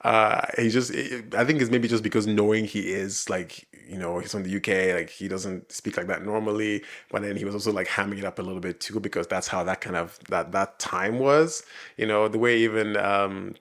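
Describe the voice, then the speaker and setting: A reaction video host with a fairly low, slightly bright voice talks at a moderate pace with fairly even intonation. He rambles casually through a TV episode, full of fillers and restarts, and laughs often as he goes.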